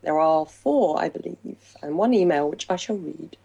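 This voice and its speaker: A woman's voice: sits low, animated, moderate pace, creaky, mellow, slightly rough. A woman hosting a casual podcast chat, laughing often and reading a listener email aloud. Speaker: podcast host.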